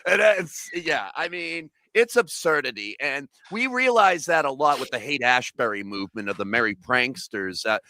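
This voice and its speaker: Brief: male activist guest, gravelly bright voice, dry close sound, loud absurdist delivery with shouted bursts. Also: medium pitch, lively intonation, normal speed, few pauses, no echo. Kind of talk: comedic interview chat.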